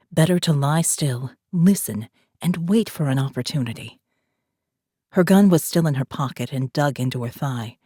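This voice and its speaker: A woman narrating a thriller audiobook in a steady, measured storytelling voice, recorded on a close studio mic. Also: deep voice, dry recording. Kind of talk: scripted narration.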